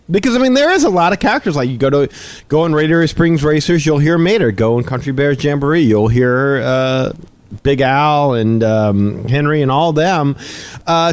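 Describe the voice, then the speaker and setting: Dry-sounding Louisiana podcast host. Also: male voice, fairly high pitch, no echo. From South Louisiana. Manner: probing, with frequent restarts. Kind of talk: casual chat.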